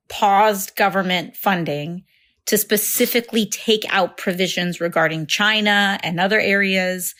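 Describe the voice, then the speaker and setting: A woman speaking about politics in a slow, deliberate manner. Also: on the low side, a bit bright. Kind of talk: political statement.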